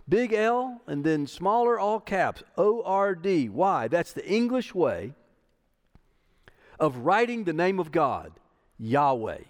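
Emphatic preacher man, lively pitch. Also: long reverb tail. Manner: emphatic, repeating key phrases for stress. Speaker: pastor. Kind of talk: sermon. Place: church sanctuary.

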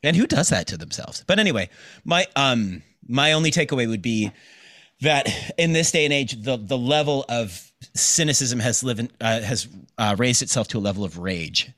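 A man's voice: mid-range voice, animated, normal speed, a bit bright, no room sound, clean studio sound. Wry, sarcastic podcast host man. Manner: wry, sarcastic, swears a lot, laughs often. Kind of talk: casual chat.

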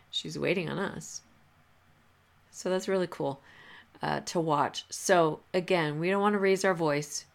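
A woman hosting a podcast, giving advice in a relaxed, conversational way with many fillers and restarts. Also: fairly low pitch, a little slow. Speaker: podcast host. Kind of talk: casual advice talk.

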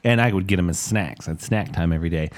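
A man co-hosting a casual chat podcast with a fairly low-pitched voice. He tells easygoing, rambling anecdotes and moves the segments along in a relaxed way. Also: fast talker. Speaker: podcast co-host.

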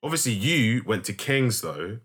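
A young man with a London accent, telling stories in casual chat, slangy and animated, with swearing. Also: fairly low pitch, normal speed, husky.

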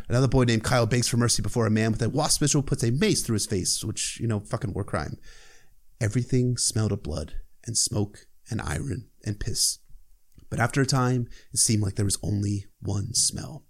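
A man hosts a podcast and recaps a book chapter in a loose, conversational way. He talks in a mid-range pitch and drops profane, irreverent asides as he goes. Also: a little fast.

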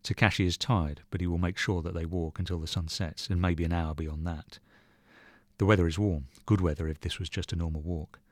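A man reading a short story aloud in measured, even narration. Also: sits low, no room sound, studio quality. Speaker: reader.

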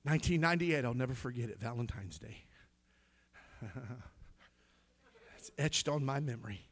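A man's voice: mid-range voice, expressive, normal speed. A middle-aged man preaching a sermon, calling out to the congregation, singing snatches of a song and laughing as he tells stories. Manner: loud, preachy call-and-response with singing and laughter. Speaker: pastor.

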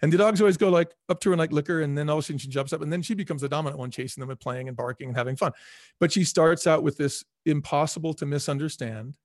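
A man speaking as a guest in a casual interview, telling stories with lively acted-out dialogue. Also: on the high side, rapid-fire, no room sound, clean studio sound. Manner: animated storyteller, acts out quoted dialogue. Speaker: former restaurant chain CEO, guest.

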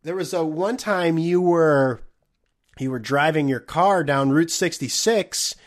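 A man putting on a chirpy adult male game show host with slow, mock-cheery delivery. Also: fairly high pitch, voice pushed up, lightly acted.

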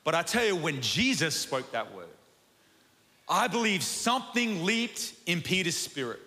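A man with an Australian accent preaching a sermon, telling a personal story in a chatty, animated way that keeps asking "right?". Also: a little high, a little slow. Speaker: pastor. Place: church auditorium. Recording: long hall reverb.

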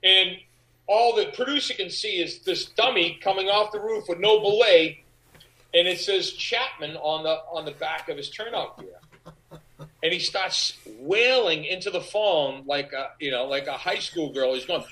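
A middle-aged man, an actor guest, telling animated anecdotes in an interview and acting out the voices of the people in them. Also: high-pitched, normal speed, low-quality recording. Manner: animated, acts out quoted voices. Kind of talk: anecdotal storytelling.

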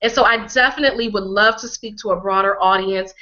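A woman from Connecticut, a healing coach being interviewed, speaking emphatically and repeating phrases for effect, her voice a little hoarse from a cold. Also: mid-range voice, fairly even intonation, a little fast, sharp tone, highs cut off. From Connecticut, USA. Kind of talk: conversational interview.

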